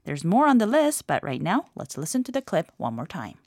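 A woman hosting a language lesson, explaining phrases clearly in scripted narration. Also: fairly low pitch, wildly swooping pitch, brisk, darkish tone, no echo, clean studio sound.

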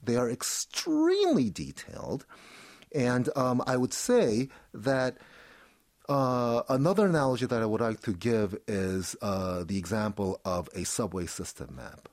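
A man's voice: medium pitch, big pitch swings, measured pace, a little mellow, no room sound, studio quality. A man talking as a guest in an interview, explaining an artist's work with many fillers and frequent "right?" check-ins. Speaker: art commentator guest. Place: studio in Seoul.

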